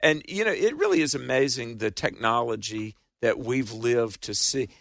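Man in his sixties, gravelly, bright, storytelling radio co-host. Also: medium pitch, lively intonation, normal speed, no echo. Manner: storytelling, nostalgic. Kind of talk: casual studio chat.

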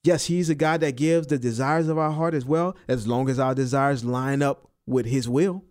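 A man preaching a sermon, repeating and stressing key phrases and rising in pitch on the emphatic ones. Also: moderate pace, a little mellow. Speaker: pastor.

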